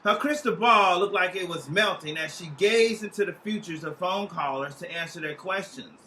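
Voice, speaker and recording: A man giving a humorous literary reading of a story in a lively, playful way, with plenty of casual profanity. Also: high-pitched, normal speed, slight background noise, low-quality recording.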